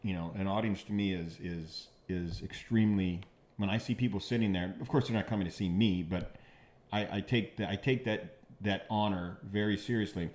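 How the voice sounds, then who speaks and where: A man, a comedian guest on a podcast, telling stories in casual chat, halting and repeating words, lively when he quotes others. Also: low-pitched.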